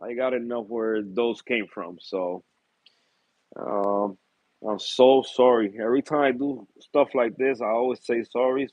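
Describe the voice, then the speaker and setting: A man's voice: mid-range voice, steady tone, a little slow, no echo, dull audio. A man in a casual, rambling vlog about his reef tanks, full of fillers, easy laughs and repeated apologies. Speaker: reef tank hobbyist vlogger. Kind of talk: casual chat.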